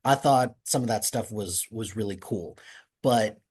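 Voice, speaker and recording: Guy hosting a podcast over a call, kinda husky, rambly and laid back. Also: fairly low pitch, measured pace. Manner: relaxed, rambling, many restarts. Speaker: podcast host. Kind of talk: casual chat. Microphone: remote call over internet.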